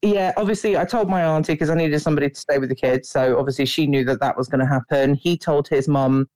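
A woman's voice: deep voice, fast talker, a little mellow, dry recording. Chatty woman caller, dry sound. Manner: chatty, filler-heavy storytelling. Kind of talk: telling a story on a call.

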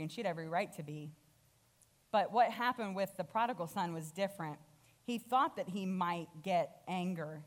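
A woman guest speaker preaching a sermon, retelling a parable and acting out the characters' lines with lively energy. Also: fairly low pitch.

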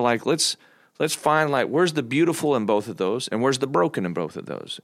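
A man's voice: mid-range voice, no echo, studio quality. A middle-aged man in casual podcast conversation, talking in an earnest, coaching way with a few jokes. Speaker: church pastor, podcast guest.

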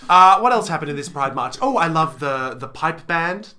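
A man's voice: a little high, lively intonation, moderate pace, pushed and bright. A young man co-hosting a casual podcast chat, rambling and giggling, slipping into playful silly voices. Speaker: podcast co-host.

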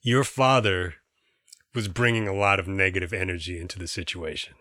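A man's voice: low-pitched, fairly even intonation, fairly quick, bright, forceful tone, no echo, clean studio sound. A man co-hosting a podcast, asking questions in a playful, mock-serious way. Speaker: podcast co-host. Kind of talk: casual podcast interview.

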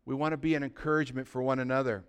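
A man preaching a conversational sermon as pastor, dropping to a soft, quiet voice when acting out gentle words. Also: medium pitch, level tone, very fast, smooth. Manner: conversational preaching, drops to a soft voice for imagined dialogue.

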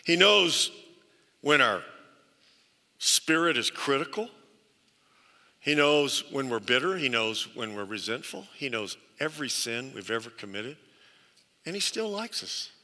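A man's voice: medium pitch, very animated, a little slow, long pauses, bright, forceful tone, long reverb tail. A male pastor preaching a sermon, telling stories earnestly and stressing points through repetition. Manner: earnest storytelling with emphatic repetition.

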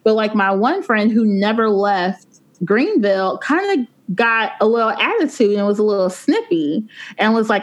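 A woman's voice: mid-range voice, animated, moderate pace. Chatty woman telling a story. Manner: chatty storytelling with many fillers. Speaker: podcast co-host. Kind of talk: casual chat.

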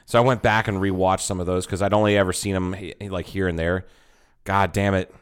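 A man's voice: low voice, level tone, fairly quick, smooth. A man chatting casually as a podcast host, retelling comedy bits with lots of swearing. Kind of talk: casual chat.

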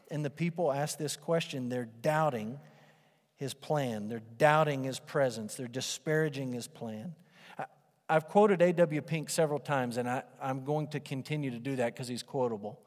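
Male pastor, slightly high voice, animated sermon delivery, long hall reverb. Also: normal speed. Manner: animated, acts out voices of doubters and Moses.

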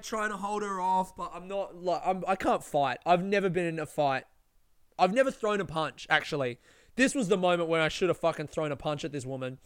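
Young man, slightly high and smooth, rambling storyteller who swears a lot. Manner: rambling, lots of swearing and fillers. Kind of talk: casual storytelling.

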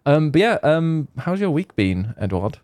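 A man's voice: fairly high pitch, very animated, normal speed, darkish tone, no echo. A man hosting a games podcast, rambling and joking in casual banter. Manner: jokey, rambling, self-mocking. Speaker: podcast host.

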